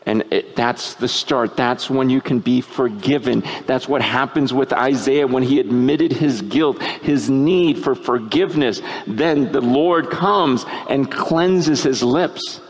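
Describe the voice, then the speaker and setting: A man preaching a sermon at a tent meeting, moving from hushed, low musings to loud, shouting peaks. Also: takes it slowly, hardly any pauses. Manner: animated, swinging from hushed to shouting.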